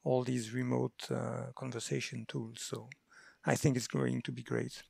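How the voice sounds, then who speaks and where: A man's voice: mid-range voice, flat delivery, a little slow, vocal fry, darkish tone, husky, no echo. A middle-aged man from France, guest on a remote interview, talking hesitantly with many fillers and restarts. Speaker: guest researcher. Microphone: remote call mic.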